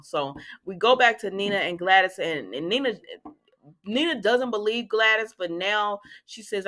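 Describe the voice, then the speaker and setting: A woman hosting a casual soap opera recap, chatting and acting out the characters' lines with lively reactions. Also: mid-range voice. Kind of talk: casual chat.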